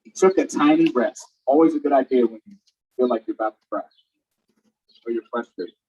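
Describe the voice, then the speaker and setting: A woman reading a picture book aloud for a virtual storytime, animated and inviting listeners to join in. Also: extremely low pitch, fairly quick, distant mic, rough recording. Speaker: storytime reader. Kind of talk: children's story read-aloud.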